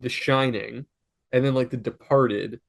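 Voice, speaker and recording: A man's voice: mid-range voice, steady tone, unhurried, creaky. A young man co-hosting a podcast in casual chat, rambling with lots of fillers and breaking into helpless laughter. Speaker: podcast co-host.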